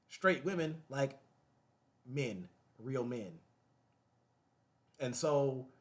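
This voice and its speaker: A man hosting his own show, talking casually and animatedly to the camera, repeating phrases and breaking into laughter. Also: medium pitch. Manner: animated, repetitive, laughing asides. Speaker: show host.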